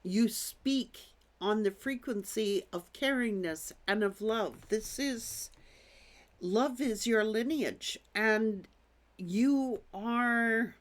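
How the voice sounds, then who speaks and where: A woman doing a tarot reading, slowly reading out oracle cards, her voice a little worn as she is losing it. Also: a little high. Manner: slow, gentle, pauses to read card texts. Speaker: tarot reader.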